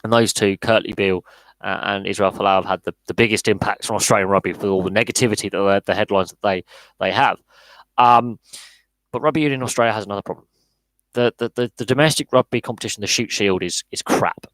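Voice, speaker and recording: A man with a fairly low, slightly bright voice talks fast on a live sports podcast, captured in a low-quality recording with no room sound. He's blunt and opinionated, often repeating words as he restarts sentences during the casual Q&A.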